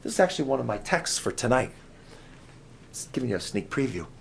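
A dramatic preacher with lively pitch. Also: male voice, brisk, gravelly, slight background noise. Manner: dramatic, swings from shouts to hushed whispers; asks the audience many questions. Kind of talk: sermon. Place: camp meeting.

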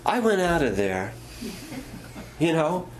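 A man's voice: fairly high pitch, sing-song, slow. A middle-aged male pastor preaching a sermon, telling stories in a folksy way and asking the congregation questions.

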